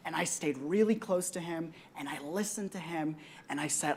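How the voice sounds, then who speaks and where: A young adult woman on a conference panel, earnestly telling a personal story with frequent ums and reflective pauses. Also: deep voice, slightly rough.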